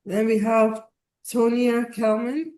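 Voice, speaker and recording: Workshop host, unhurried, roomy sound. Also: mid-range voice, steady tone, darkish tone. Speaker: masterclass host. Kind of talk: online workshop introductions. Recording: roomy echo.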